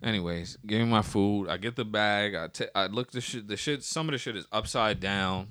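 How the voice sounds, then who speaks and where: A man's voice: on the low side, normal speed, dry recording. A man telling a long story in casual conversation, swearing freely and acting out what other people said. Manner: profane, animated storytelling with acted-out quotes. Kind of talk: casual chat.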